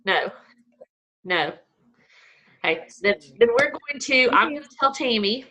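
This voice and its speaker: A woman's voice: on the high side, animated, measured pace, sharp tone. A woman, casually hosting a live video call for her team, chatty and laughing easily. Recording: dull lo-fi.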